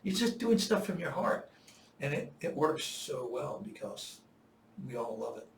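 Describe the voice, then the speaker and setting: Older man, profane animated storyteller. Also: a little high, measured pace, gravelly, roomy sound, distant mic, slight background noise. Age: 70s. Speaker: veteran storyteller. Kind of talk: casual chat.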